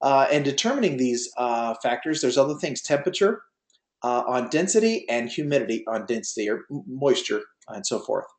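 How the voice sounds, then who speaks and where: A man's voice: medium pitch, very animated, a little fast, echoey room. A man teaching an online class on drone pilot rules, in a folksy, rambling way with many fillers and restarts, speaking over a video call. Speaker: drone pilot test prep instructor. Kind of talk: online class lecture with a told joke.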